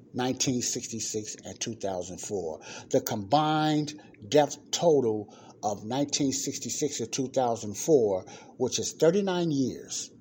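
A podcast host with a mid-range, darkish voice reads an article aloud as casual commentary, repeating the figures for emphasis. A slight hiss or hum is audible.

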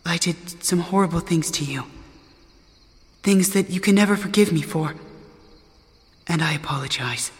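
A man doing a soft remorseful ghost. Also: a little high, moderate pace, long pauses, in a large hall, natural voice. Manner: calm, apologetic, quiet. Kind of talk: fan audio drama.

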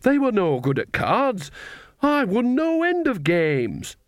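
A man voicing a cheerful, boastful old woman witch in a storybook reading, pitching his voice high and bouncy. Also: huge pitch swings, takes it slowly, no echo, clean studio sound, exaggerated voice. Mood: defensive, boastful.

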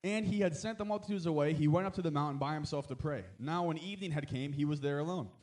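A man's voice: fairly high pitch, fast talker, darkish tone. A man preaching a sermon as a pastor, talking in a conversational way with frequent amens and asides, and rising to emphatic exhortation.

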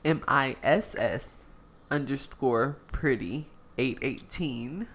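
A woman co-hosting a casual podcast, playful and quick to laugh. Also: a bass voice. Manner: playful, laughs often, drawls words out. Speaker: podcast co-host.

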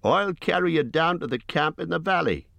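A man's voice: a little high, expressive, normal speed, creaky, fairly bright tone, no echo, pitched above the performer's own voice. A man voicing a tall, sure-footed messenger who speaks firmly and earnestly. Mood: urgent.

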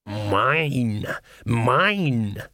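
A man reading an audiobook, voicing a brutish one-eyed tomcat turned into a man, slow and gruff. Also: medium pitch, expressive, pushed and bright, no room sound, clean studio sound, exaggerated voice. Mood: menacing.

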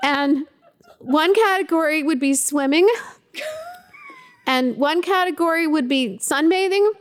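A woman's voice: sits high, measured pace, voice pushed up. A woman voicing her young daughter as a five-year-old girl, explaining her reasons earnestly and indignantly.

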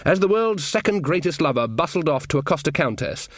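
A man narrating an audiobook in a wry, expressive manner. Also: a little high, fairly quick, dry recording, studio quality.

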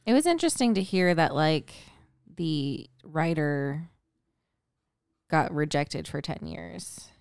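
A woman's voice: low-pitched, expressive, slow, gravelly, a little mellow, smooth, no echo, studio quality. A woman guesting on a casual podcast, easygoing, giving short replies that trail off. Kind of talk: casual chat.

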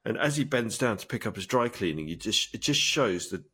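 A man's voice: on the low side, animated, fairly quick, sharp tone, husky. A man chatting casually as a podcast co-host, eagerly retelling a movie scene in detail. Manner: enthusiastic storytelling, acts out film lines. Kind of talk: casual chat.

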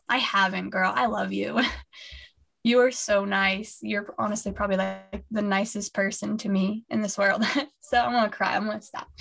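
A woman's voice: medium pitch, a little slow, creaky, fairly bright tone. A woman co-hosting a fan podcast in casual chat, gushing and rambling with many restarts over a remote call. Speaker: podcast co-host.

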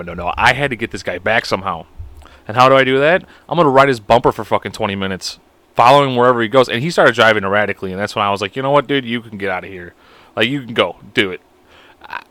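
A man's voice: mid-range voice, bright, forceful tone, clean tone, no room sound. A man hosting a podcast alone, rambling in a crude, profane, self-mocking way. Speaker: podcast host. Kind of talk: casual solo podcast chat.

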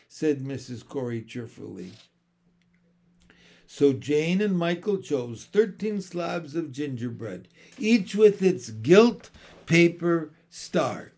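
A man reading a children's storybook aloud as narrator, in an expressive, unhurried way. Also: a little high. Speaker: audiobook narrator.

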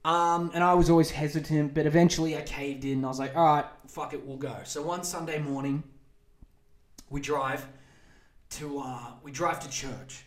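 A man in his twenties, a podcast host telling a crude, animated story and acting out quotes in raised voices. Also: fairly high pitch, moderate pace. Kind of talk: casual storytelling monologue. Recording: roomy echo.

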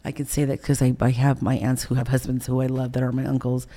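A middle-aged woman being interviewed, recounting painful personal memories in a candid, emotional and halting way. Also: a bass voice, monotone, mellow. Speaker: interview guest.

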